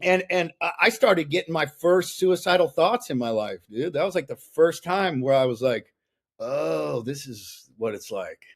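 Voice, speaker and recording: A man's voice: on the high side, normal speed, hardly any pauses. A man in his thirties, a podcast guest, telling his story in a blunt, profane, intense way. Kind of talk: casual interview chat.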